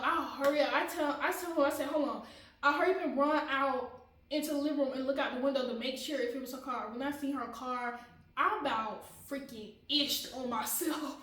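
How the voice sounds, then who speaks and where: A woman's voice: sits high, a bit bright, roomy sound, recorded from a distance, poor audio. A woman vlogger telling a personal story in a casual, dramatic way, often laughing and talking straight to her viewers.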